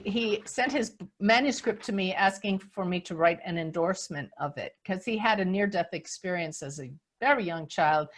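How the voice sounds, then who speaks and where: An older woman hosting a spiritual talk on a video call, telling a story with lively acted-out moments. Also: medium pitch. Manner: animated storyteller, acts out scenes. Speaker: spiritual teacher and host.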